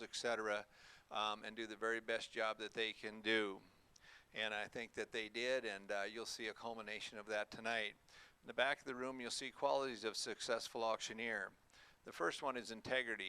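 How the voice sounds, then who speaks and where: A man who runs an auction school, addressing an audience at a hotel event in a folksy, halting way with many fillers. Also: medium pitch, sharp tone, smooth. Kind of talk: speech to an audience.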